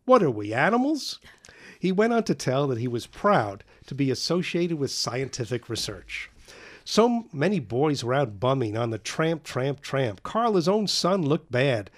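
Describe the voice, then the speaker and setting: A man's voice: mid-range voice, very animated, a little slow. Man reading a novel aloud, wry. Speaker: narrator.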